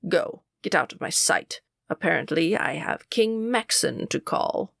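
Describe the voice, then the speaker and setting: A woman voicing a stern male school official who speaks in a cold, condescending, lowered voice. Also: lively intonation, unhurried, creaky, fairly bright tone, no echo, clean studio sound, full character voice. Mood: scornful.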